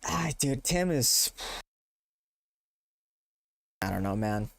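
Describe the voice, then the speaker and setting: A man's voice: mid-range voice, lively intonation, moderate pace, creaky, a bit bright, dry recording, studio quality. A male streamer chatting casually with his audience, laid-back and slangy, laughing often. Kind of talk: casual live-stream chat.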